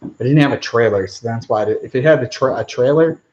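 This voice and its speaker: A man's voice: medium pitch, fast, darkish tone, lo-fi sound. A man hosting a live stream Q&A outdoors, rambling casually as he reads out viewer comments. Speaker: channel host.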